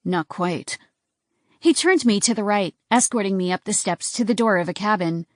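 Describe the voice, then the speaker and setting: A woman's voice: medium pitch, a little fast, no room sound, clean studio sound. A woman giving a tense, dramatic first-person audiobook narration.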